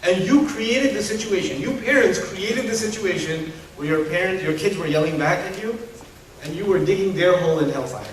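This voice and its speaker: Heard from afar in a heavily echoing lecture hall, this man lectures on Islam to a live crowd at a moderate pace. His voice sits fairly high, his delivery is lively and funny and full of rhetorical questions, and a low room hum lingers in the background.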